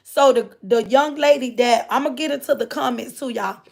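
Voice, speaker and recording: High-voiced woman with gravelly fry. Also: normal speed, darkish tone. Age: adult. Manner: rambling, repeats phrases, often addresses listeners directly. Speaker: livestreamer reading viewer comments. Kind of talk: casual storytelling to viewers.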